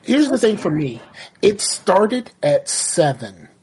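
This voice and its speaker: A woman's voice: mid-range voice, big pitch swings, slow pace, darkish tone, slightly rough. A woman on a podcast, casually telling a story and acting out the quotes. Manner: vivid storyteller who acts out quotes. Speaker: podcast guest. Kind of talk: casual chat, animated storytelling.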